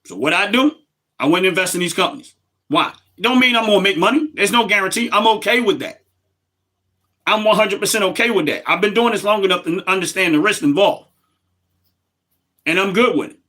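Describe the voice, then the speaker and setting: Animated man with a bright, high voice. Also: a little fast, long pauses. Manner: animated, emphatic, talks straight to viewers. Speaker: livestream host. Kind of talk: casual livestream talk.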